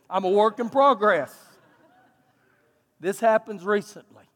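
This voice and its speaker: A man with a Texan accent, a pastor preaching a sermon in an animated, folksy, self-mocking storytelling way, recorded in a church sanctuary. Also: high voice, moderate pace, long pauses. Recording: long hall reverb.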